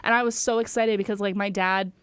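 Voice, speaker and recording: A woman's voice: medium pitch, fairly even intonation, brisk, a bit bright, clean tone, dry recording. A young woman co-hosting a podcast, telling stories in casual chat with lots of fillers and laughter. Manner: chatty storytelling, laughs often, many fillers. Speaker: podcast co-host.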